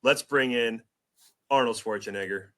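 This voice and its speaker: A man hosting a casual sports podcast, excitable and hype-building, rambling a little as he talks. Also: mid-range voice, normal speed. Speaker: podcast host.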